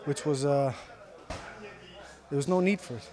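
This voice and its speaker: A young man with a slight Irish-tinged accent, speaking English as a second language, answering interview questions softly with many pauses and fillers in a gym. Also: mid-range voice, a crowd in the background. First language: Icelandic. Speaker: interviewed fighter. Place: sports gym.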